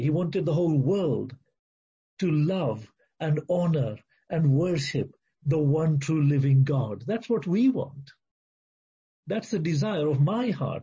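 A man's voice: fairly high pitch, mellow, slightly rough, muffled recording. A man preaching a sermon, earnest and exhorting, full of repeated phrases and rhetorical questions.

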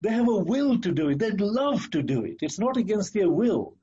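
A man preaching a sermon in an earnest, emphatic way, repeating key phrases and slowing down to stress words. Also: high-pitched, sing-song, mellow, slightly rough, highs cut off.

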